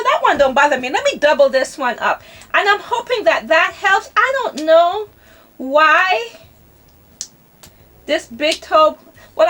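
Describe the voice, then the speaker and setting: Older lady vlogging, high bright voice, laughs at herself a lot. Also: recorded from a distance. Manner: chatty, self-deprecating, laughs often, talks to herself. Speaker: travel vlogger. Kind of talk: casual chat to camera.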